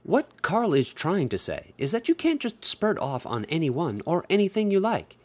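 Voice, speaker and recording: A man narrating an adult story in an expressive storytelling manner. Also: on the high side, normal speed. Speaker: audiobook narrator.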